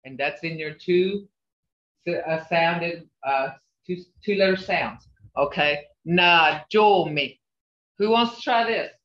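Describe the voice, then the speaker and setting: A woman's voice: on the low side, unhurried, recorded from a distance, slight background noise. An older woman teaching a language class over a video call, coaching patiently and checking in with a frequent "okay?". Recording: muffled, echoey video call audio.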